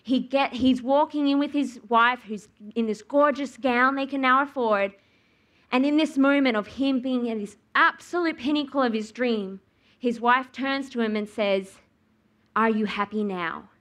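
A woman's voice: sits high, normal speed, a bit bright. A young woman preaching a sermon, telling a personal story and acting out her own reactions. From Australia. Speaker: speaker at church.

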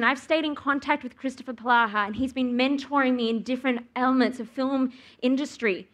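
A woman's voice: high-pitched, steady tone, brisk, hardly any pauses, a bit bright. A young woman preaching a sermon, telling a personal story and acting out her own reactions. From Australia. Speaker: speaker at church.

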